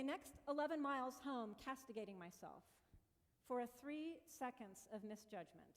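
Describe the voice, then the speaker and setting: A woman pastor tells stories from the pulpit in a conversational way and acts out her own cries and apologies. Her voice sits a little high. The sound carries a long echo from the hall. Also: normal speed. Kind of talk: storytelling sermon. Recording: long reverb of a church hall.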